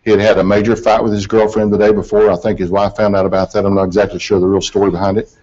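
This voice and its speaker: A middle-aged man tells an audience about an accident investigation in a relaxed, folksy, self-deprecating way. His voice sits low, and the recording is dull and lo-fi. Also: rapid-fire. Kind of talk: presentation to an audience.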